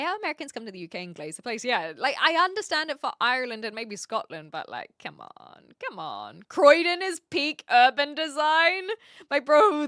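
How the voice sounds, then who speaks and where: Woman w a light kiwi accent chatting to her stream, bouncy pitch, bright voice, giggles a lot. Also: no echo, studio quality. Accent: light New Zealand. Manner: chatty, giggly, self-mocking. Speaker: Twitch streamer. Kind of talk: casual chat reading live chat. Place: home streaming room. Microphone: mic on a stand.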